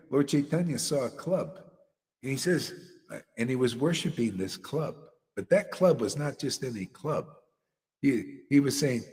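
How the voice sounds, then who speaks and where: A man's voice: mid-range voice, very animated, a little slow, a little mellow, in a large hall. A man giving a devotional sermon as a spiritual teacher, preaching bluntly and emphatically with mocking asides.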